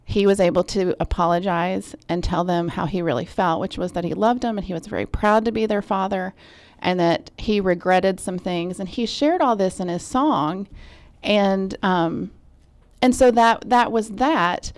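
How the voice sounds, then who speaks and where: A woman music therapist on a radio interview, recounting a session in a gentle, reflective way. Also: medium pitch, moderate pace.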